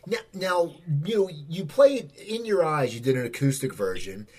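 Husky-voiced male radio interviewer. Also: on the high side, expressive, normal speed, a little mellow. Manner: easygoing, prompting. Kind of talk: conversational interview questions.

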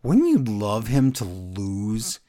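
A man co-hosting a podcast, recapping a wrestling show in casual, animated chat from his notes. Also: fairly low pitch, slow pace. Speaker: podcast co-host.

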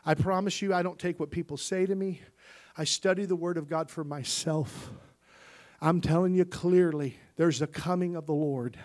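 A male pastor giving a sermon, moving from quiet personal stories to loud, impassioned preaching. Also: a little high, moderate pace. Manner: impassioned preaching that swings from quiet storytelling to shouting.

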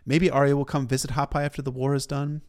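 A man's voice: medium pitch, flat delivery, fast talker, a little mellow. A man retelling a novel in a casual storytelling style, sometimes stopping for emotional asides. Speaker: book recap narrator.

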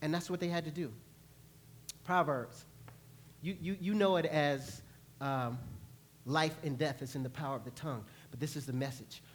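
Man, pastor, sermon, animated, playful, church sanctuary. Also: fairly high pitch, moderate pace, long pauses, a little hiss or hum. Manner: animated, playful, acts out voices and laughs with the congregation.

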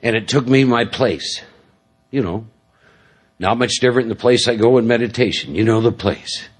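A man's voice: mid-range voice, fairly quick, slightly rough. A middle-aged man giving a talk at a recovery meeting, telling stories in a rambling, self-deprecating way with many fillers. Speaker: recovery speaker. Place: large meeting hall.

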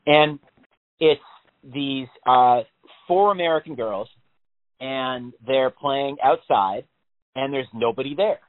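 A man with a medium-pitched voice speaks slowly and pauses often while chatting casually on a podcast. He's an animated storyteller who swears a lot and acts out panicked voices; the audio is phone-like and narrow-band.

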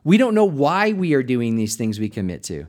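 A male pastor hosts a reflective podcast in an easy, conversational way. His voice sits at an ordinary middle pitch, and he laughs lightly and restarts words as he thinks aloud. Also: very animated, normal speed, a little mellow.

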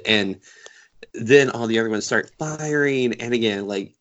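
A man co-hosting a podcast, retelling a favorite film scene with excited, animated storytelling. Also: mid-range voice, unhurried, dull audio. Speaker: podcast co-host. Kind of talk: casual fan discussion.

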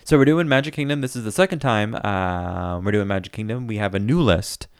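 A man co-hosting a podcast in casual chat, relaxed and rambling with fillers and restarts. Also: fairly low pitch, brisk, clean tone, dry recording, clean studio sound. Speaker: podcast co-host.

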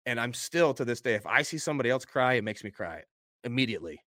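A man's voice: mid-range voice, lively intonation, fast talker, a bit bright, no echo, studio quality. A middle-aged man, a wrestler guest in a casual interview, telling stories in an open, earnest way.

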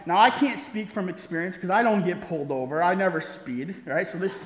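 Fairly quick and high in pitch, a man preaches, a pastor spinning a story for his congregation. He keeps tossing in "right?" and laughing a little, with roomy reverb from the hall.

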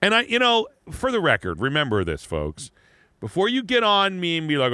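A man co-hosting a loose comedy podcast, his voice swinging widely in pitch and sounding bright and forward. He rambles with lots of "like" and laughter. The recording is dry and close. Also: a little fast, dry recording. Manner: rambling, animated, frequent "like" and laughter, playful mock voices. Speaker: podcast co-host. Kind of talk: casual comedic chat.

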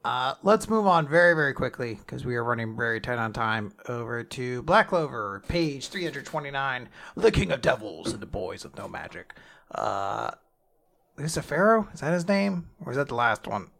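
A man's voice: mid-range voice, sing-song, creaky, a bit bright. A man co-hosting a podcast, casually recapping a manga chapter with jokes and asides. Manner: rambling, joking, quick asides. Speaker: podcast co-host.

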